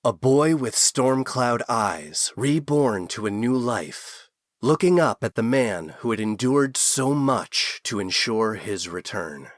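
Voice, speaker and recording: A man narrating a fantasy novel chapter in an expressive storytelling voice. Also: medium pitch, slow, no room sound, studio quality. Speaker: audiobook narrator. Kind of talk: scripted narration.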